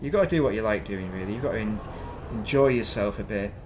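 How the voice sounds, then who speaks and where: A man's voice: fairly low pitch, fast talker, background noise. Rambling man streaming. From northern England. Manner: rambling, chatty, self-mocking. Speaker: game streamer. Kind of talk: casual chat while streaming gameplay.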